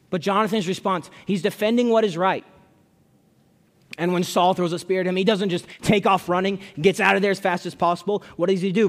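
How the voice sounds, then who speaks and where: Man preaching in a reverberant church. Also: high voice. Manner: conversational, repeats words, reads scripture aloud. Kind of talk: expository sermon. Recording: long hall reverb.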